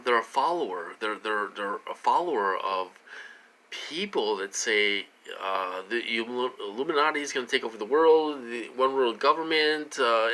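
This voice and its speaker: A man's voice: medium pitch, sharp tone, rough recording. A man talking to camera in a casual vlog, rambling with many fillers and restarts, his voice rising and dropping with emphasis. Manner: rambling, halting, many fillers and repeated words. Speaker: vlogger.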